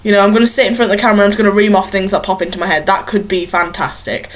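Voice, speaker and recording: Very fast and fairly even in intonation, this medium-pitched young woman vlogs from a small bedroom. She chats casually to her webcam, rambling and laughing at her own expense.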